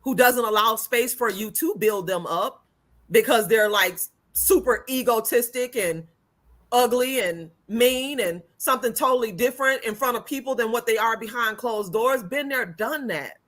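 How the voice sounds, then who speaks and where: A woman's voice: fairly high pitch, normal speed, a bit bright. A woman speaking as the guest on a relationship chat show, upbeat and affirming, often chiming in to agree with the host. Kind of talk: casual chat.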